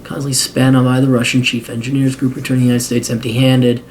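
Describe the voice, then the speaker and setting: A man's voice: medium pitch, level tone, quick pace, darkish tone, slight background noise. A man hosting a podcast who reads a biography aloud and breaks in with sarcastic, profane asides. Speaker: podcast host. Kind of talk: reading a biography aloud with commentary.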